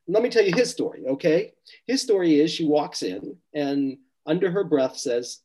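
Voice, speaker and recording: An older man, a therapist, recounts a client session in an animated storytelling way, acting out the people he quotes and sometimes dropping to a soft, low voice. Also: moderate pace, slightly rough, rough recording.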